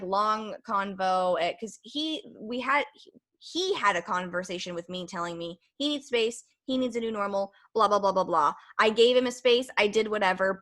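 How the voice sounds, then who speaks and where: A woman's voice: medium pitch, fairly bright tone. A young woman hosting a podcast, telling a candid, rambling story in casual chat with lots of fillers. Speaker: podcast host.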